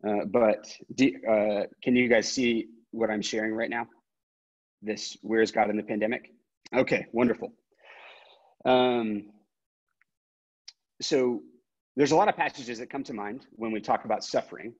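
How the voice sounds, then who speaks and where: Earnest pastor on a husky video call. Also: male voice, fairly low pitch, steady tone, a little slow, long pauses. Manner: earnest, many fillers and restarts, reads scripture aloud. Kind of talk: interfaith panel talk on video call. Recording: dull lo-fi video call audio.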